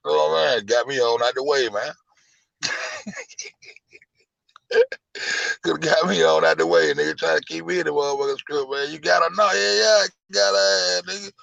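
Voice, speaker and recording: A man hosting a show in a casual livestream rant, profane, animated and incredulous. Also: on the high side, brisk, creaky, no room sound, poor audio. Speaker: show host.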